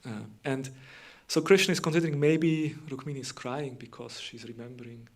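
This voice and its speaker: A man's voice: medium pitch, steady tone, moderate pace. A man giving a devotional morning lecture, retelling scripture in a loose conversational way with frequent fillers and restarts.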